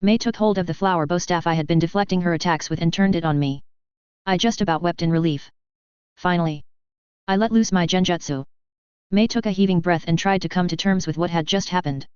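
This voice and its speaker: Fast fanfic reader, very clear crisp voice, dull lo-fi sound. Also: mid-range voice, no room sound. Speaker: audiobook reader. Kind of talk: reading fan fiction aloud. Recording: dull lo-fi recording.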